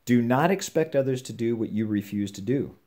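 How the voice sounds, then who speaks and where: An older man giving earnest, measured advice on scripture to his children and grandchildren at home. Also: mid-range voice, animated, darkish tone. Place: home with a puppy nearby.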